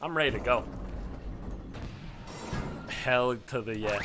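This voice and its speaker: A man talks through a game as a casual let's play host, cursing freely and breaking into frustrated rants. His voice sits at an ordinary middle pitch. Game music plays clearly underneath him the whole time. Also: takes it slowly. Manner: profane, swings into loud frustrated outbursts. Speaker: gaming YouTuber.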